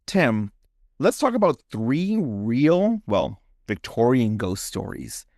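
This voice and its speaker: A man's voice: medium pitch, very animated, slow, gravelly, a little mellow, dry recording, clean studio sound. Chatty male podcast host, laughing often. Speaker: podcast co-host and story narrator. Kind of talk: casual chat and dramatic story narration.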